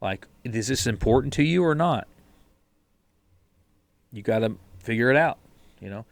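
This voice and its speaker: Creaky and mid-range, the man's voice has lively intonation and a normal speed as he co-hosts a podcast. His blunt, mildly profane motivational chat centers on discipline and sticking to a plan, with occasional restarts that repeat words, and the recording is dry.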